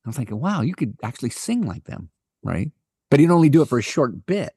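A man in casual podcast chat hunts for his words, filling gaps with uh and um. His mid-pitched voice rises and falls a lot, recorded dry and close. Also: sing-song, mellow, breathy edge, no room sound. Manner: halting, fills pauses with uh and um. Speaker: podcast co-host.

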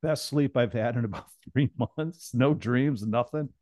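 A man in casual podcast chat, telling an animated, swearing story and acting out other people's lines. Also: mid-range voice, a little slow, dry recording, clean studio sound.

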